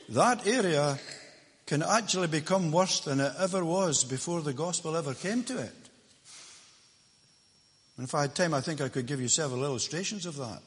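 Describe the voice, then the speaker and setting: A man with a Scottish accent, from Lanarkshire, preaching a sermon as a visiting preacher, emphatic and swinging between loud declarations and hushed asides. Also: medium pitch, in a large hall. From Lanarkshire, Scotland. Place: church.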